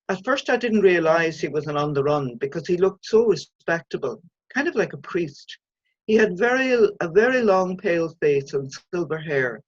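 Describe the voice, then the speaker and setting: A woman, an author reading her own short story aloud in a measured, even way. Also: sits low, no room sound, highs cut off.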